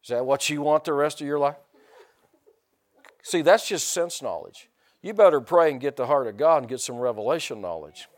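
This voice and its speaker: Speaking at normal speed in a fairly high, expressive voice, a middle-aged pastor delivers a conversational sermon. He repeats words a lot, poses rhetorical questions to the congregation and erupts into loud bursts.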